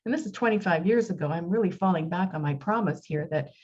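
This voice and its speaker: A woman's voice: fairly low pitch, fast, a little mellow. A woman hosting an online poetry night, thanking guests in a chatty, grateful way. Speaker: event organizer and host. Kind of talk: thank-you remarks at an online event. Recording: dull lo-fi audio.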